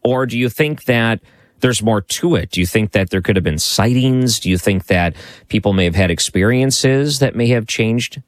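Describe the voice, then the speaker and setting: A man's voice: fairly low pitch, moderate pace, no echo. A man hosting an interview, asking curious follow-up questions. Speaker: host.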